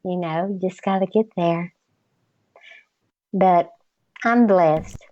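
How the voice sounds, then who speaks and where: An older woman with a Southern accent, a guest in a relaxed interview, talking in a slow, patient drawl with a slightly girlish voice. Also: lowish voice, dull audio. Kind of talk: casual interview chat.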